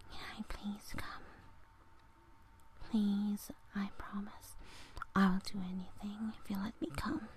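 A woman in a whispered role-play, speaking in a soft breathy whisper and delivering short, deliberate phrases. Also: mid-range voice.

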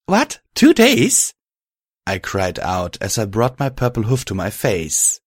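Guy reading a story out, low voice, dry close sound. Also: normal speed, no echo. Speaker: story narrator. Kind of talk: first-person story reading.

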